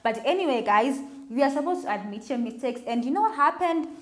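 A woman leads a children's sermon. Her somewhat high voice swings up and down in an animated, sing-song way as she talks directly to the boys and girls. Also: fairly quick. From Zimbabwe. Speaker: children's Sabbath speaker.

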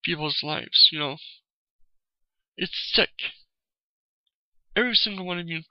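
A man's voice: on the high side, unhurried, pauses often, sharp tone, clean tone, no echo, poor audio. Angry profane man ranting. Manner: heated, profane, repeats "you know". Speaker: vlogger. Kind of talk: angry ranting video commentary.

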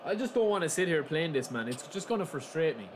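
Excitable young man commenting on gameplay. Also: fairly high pitch, fast talker. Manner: chatty, swings to loud excited shouting. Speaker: gaming channel host. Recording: steady background noise.

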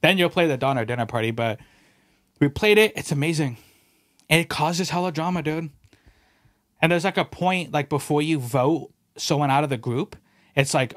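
A fairly high-voiced man hosting a podcast who tells rambling, animated stories and swears freely. He calls everyone bro and dude and slips into quoted voices as he talks. The sound is dry and close, with no room echo. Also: moderate pace, pauses often. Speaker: podcast host. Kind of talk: casual storytelling chat.

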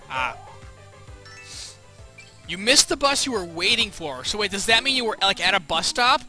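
A man's voice: high-pitched, big pitch swings, normal speed, pauses often, sharp tone, soft background music. A man streaming a video game live, chatting casually and asking playful questions. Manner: chatty, quizzical, reading chat aloud.

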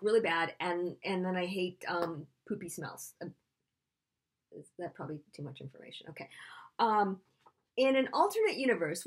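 A woman's voice: mid-range voice, husky. A middle-aged woman author answering a list of questions in a chatty, playful, self-deprecating way. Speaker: children's author. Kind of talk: casual spontaneous Q&A video.

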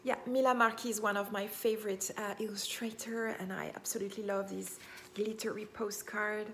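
A woman's voice: mid-range voice, little pitch movement, moderate pace, fairly bright tone, a little hiss or hum. A woman vlogger, talking in an enthusiastic, casual way and gasping with delight. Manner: enthusiastic, gasps and laughs often. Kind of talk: casual vlog chat.

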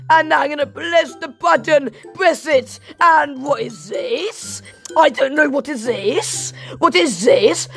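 Woman, let's play commentary, high voice, unhurried delivery, excitable, shouty. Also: gravelly. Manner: excitable, shouty, mock-formal asides. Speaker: gaming channel host.

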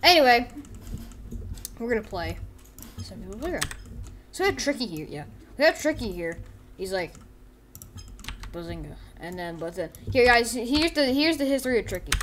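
A woman's voice: on the high side, moderate pace, pauses often, a little hiss or hum. Goofy, rambling woman narrating a game. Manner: goofy, rambling, excitable storytelling. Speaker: gameplay commentator. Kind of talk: casual gameplay commentary. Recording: keyboard typing and clicks audible.

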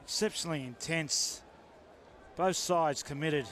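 A high-voiced man adds quick opinions as co-commentator on a rugby broadcast. He sounds chatty and reacts to each play. A faint crowd hums in the background. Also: fairly bright tone, slight background noise. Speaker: expert co-commentator. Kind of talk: live sports commentary.

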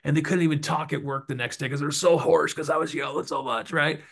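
A man guesting on a podcast, talking in an animated, preachy motivational style full of stories and punchy repeated lines. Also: a little high, fairly quick, creaky. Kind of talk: motivational interview talk.

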